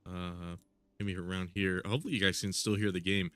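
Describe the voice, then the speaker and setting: A young man with a stuffy nose chats through his game stream. His voice is bright and forward, and the sound is close and dry. He rambles casually, piling on fillers and small restarts. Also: sits low, little pitch movement, brisk, clear, resonant tone, dry recording. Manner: rambling, filler-heavy, with frequent laughs. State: congested. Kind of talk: casual live-stream gameplay commentary.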